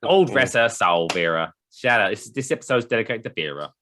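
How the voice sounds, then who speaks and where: A lower-voiced man with an English accent, chatting loosely as a podcast co-host. His pitch swings a lot as he rambles from joke to joke. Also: fairly quick, slight background noise. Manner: rambling, jokey, with animated asides. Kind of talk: casual chat.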